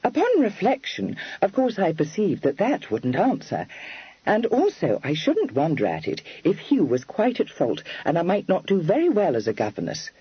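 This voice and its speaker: A man's voice: wildly swooping pitch, normal speed, slightly rough, no room sound, lo-fi sound, exaggerated voice. A man putting on a spirited, coaxing young lady. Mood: earnest. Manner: high, lilting, prim formal phrasing.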